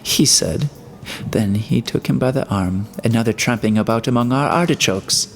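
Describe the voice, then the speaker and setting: A man's voice: mid-range voice, moderate pace, creaky, close to an everyday voice. A man voicing a fat, flustered female cook in a storybook reading, gossipy in manner.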